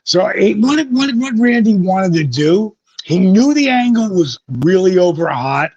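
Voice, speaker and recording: A man with a fairly high, husky voice tells wild stories in an interview, swearing freely and jumping into the voices of the people he quotes. The sound is dry and close, with a dull, lo-fi edge. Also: big pitch swings, unhurried, darkish tone, no echo. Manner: vivid, profane storytelling that acts out quoted voices. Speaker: guest, former pro wrestler. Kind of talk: animated storytelling interview. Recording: dull lo-fi recording.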